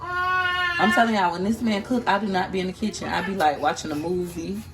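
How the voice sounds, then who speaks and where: A woman's voice: fairly low pitch, fast, low-quality recording. Chatty mother vlogging in her kitchen. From Tampa, Florida. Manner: chatty, talkative, teasing. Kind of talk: casual home vlog. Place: home kitchen. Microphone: handheld phone camera.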